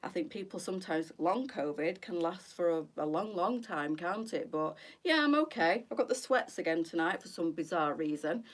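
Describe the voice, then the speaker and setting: Lady in her middle years, chatty live stream host, voice a bit on the low side, calls everyone girls. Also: animated, moderate pace, hardly any pauses. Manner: chatty and gossipy, addressing viewers as girls. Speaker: boutique owner hosting a live stream. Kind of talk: casual live-stream chat.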